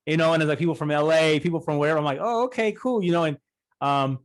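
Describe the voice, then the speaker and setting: A man's voice: a little high, little pitch movement, clear, resonant tone. A man hosting a podcast, chatting casually with his guest and filling his talk with "you know" and "like". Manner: quick, chatty, many fillers. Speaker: podcast host. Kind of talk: casual interview chat.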